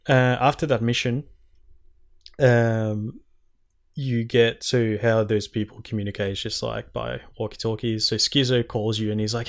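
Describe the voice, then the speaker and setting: A man's voice: medium pitch, normal speed, vocal fry. A young man in casual chat, retelling game scenes animatedly and swearing a lot. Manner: animated, swearing, quoting characters in exaggerated voices.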